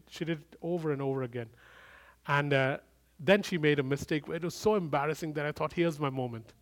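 A middle-aged man preaching a sermon, swinging from loud emphatic bursts to quiet, intimate storytelling. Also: a little high. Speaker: pastor.

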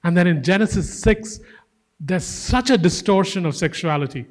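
Animated, joking male preacher. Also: high-pitched, normal speed. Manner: joking, animated, acts out voices. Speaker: guest preacher. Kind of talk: sermon.

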